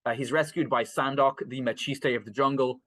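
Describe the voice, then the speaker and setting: A man's voice: mid-range voice, fairly even intonation, a little fast, pushed and bright, no echo. A man co-hosting a casual film podcast, rambling through plot summaries with many fillers, restarts and laughs. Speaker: podcast co-host.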